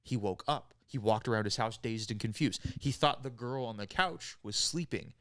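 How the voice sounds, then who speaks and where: A man's voice: medium pitch, moderate pace, a bit bright, dry recording, studio quality. A man casually telling a grim story to friends on a podcast, rambling and profane, with many "right?"s and "like"s. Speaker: podcast host.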